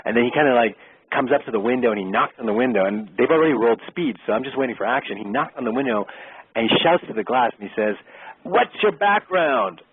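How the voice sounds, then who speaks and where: A middle-aged man, an actor and interview guest, telling a lively anecdote and acting out the exchanges he describes. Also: medium pitch, quick pace, husky. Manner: lively storyteller who acts out quoted exchanges. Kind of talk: casual storytelling anecdote. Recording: tinny phone-line sound, dry.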